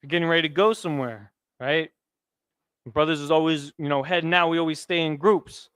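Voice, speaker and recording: A man leads a classroom lesson in a relaxed, conversational way, tossing questions to his students. His voice sits a bit high and comes across smooth and clear. The recording is dry and close. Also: a little fast, dry recording. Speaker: Hebrew teacher.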